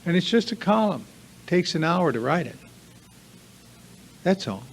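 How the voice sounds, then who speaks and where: A man's voice: high-pitched, big pitch swings, unhurried, gravelly, a little hiss or hum. A man giving a confessional recovery workshop talk to a live group, earnest and emphatic, piling up repeated lists. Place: meeting room with a live audience.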